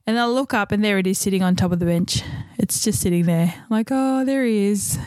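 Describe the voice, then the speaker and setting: A woman's voice: mid-range voice, quick pace, no echo. A woman, chatting casually as a podcast co-host and telling stories animatedly with acted-out quotes. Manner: animated storytelling, acts out quotes, swears casually. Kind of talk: casual chat.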